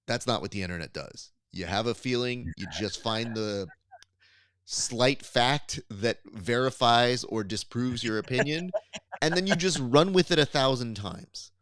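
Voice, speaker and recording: A man co-hosting a podcast in a loose, chatty way. He riffs animatedly, pitching ideas and making mock appeals. His voice sits in a middle pitch, recorded dry and close. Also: expressive, normal speed, a bit bright, no room sound. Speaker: podcast co-host. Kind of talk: casual podcast chat.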